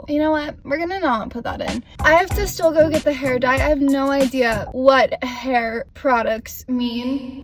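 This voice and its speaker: A woman's voice: high-pitched, a little hiss or hum. A young woman vlogging casually, chatty, playful and poking fun at herself. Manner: chatty, self-mocking, playful. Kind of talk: casual vlog. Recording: background music under voice.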